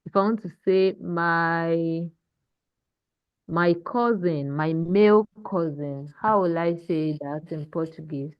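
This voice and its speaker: A woman teaches a language class, talking slowly and patiently as she models pronunciation. Her voice sits a little low. The online class audio sounds dull and dry. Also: smooth, dry recording.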